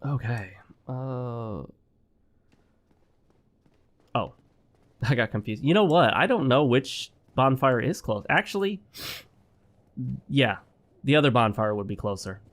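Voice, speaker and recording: A man hosting his own gaming channel, chatting casually and with strong opinions while he plays, sounding a bit sick. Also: medium pitch. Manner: rambling, opinionated, talks straight to viewers. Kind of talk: casual gameplay commentary. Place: home.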